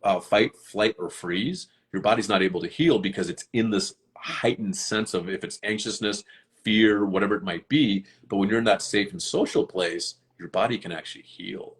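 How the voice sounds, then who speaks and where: A man's voice: fairly low pitch, moderate pace. A man chatting casually on a live stream, earnest and rambling, with many fillers and restarts. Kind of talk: casual chat.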